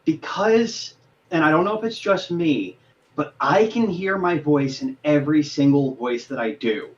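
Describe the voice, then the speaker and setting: A man's voice: fairly high pitch, highs cut off. A man who is a voice actor and game master, explaining his craft earnestly in a podcast interview.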